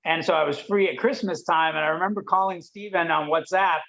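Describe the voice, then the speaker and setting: A man from Detroit, a podcast guest telling a story in a lively way and acting out the voices of people he quotes. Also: a little high, brisk, vocal fry, lo-fi sound. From Detroit, USA. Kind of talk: animated storytelling.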